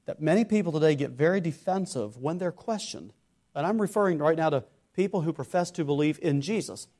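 Earnest male preacher, loud then hushed. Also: on the high side, expressive, brisk. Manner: swings from loud exhortation to hushed earnest tones; acts out imagined questioners and replies. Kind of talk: sermon.

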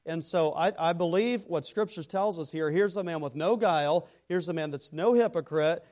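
A man preaching a sermon to a congregation. He builds to loud emphatic phrases, then drops into quiet, low asides, and addresses listeners by name. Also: moderate pace, hardly any pauses. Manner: speaks to congregation members by name. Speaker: pastor.

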